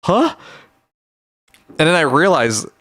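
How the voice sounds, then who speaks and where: A livestreamer with a Canadian accent, reacting in casual chat with loud exclamations and frequent swearing. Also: medium pitch, normal speed, no echo, clean studio sound. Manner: animated, exclaiming, swearing often.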